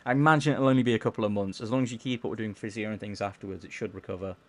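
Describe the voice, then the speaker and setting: A man casually chatting on a live gaming stream, reading chat aloud in a mellowed-out, low-key way and tripping over words as he plays. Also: steady tone, very fast. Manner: stumbles over words while playing.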